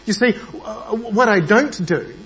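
Male preacher, a bit high, hesitant delivery, dull church recording with hum. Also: slow, faint music behind. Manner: hesitant, many fillers, grows animated. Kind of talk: sermon.

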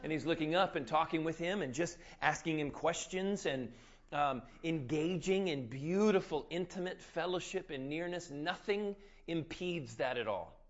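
A man preaching a sermon, retelling scripture as a lively story and acting out the scenes. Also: a little high, normal speed, lo-fi sound. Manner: animated storyteller, acts out scenes.

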